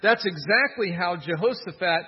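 A man's voice: high-pitched, lively intonation, normal speed, breathy edge, long reverb tail, muffled recording. A man preaching a sermon in a conversational, wry manner, with rhetorical asides. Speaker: pastor.

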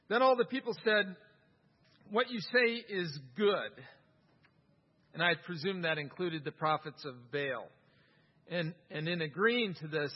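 A man preaching a sermon, reading scripture with lively, wry humor. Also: on the high side. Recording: dull sound, long hall reverb.

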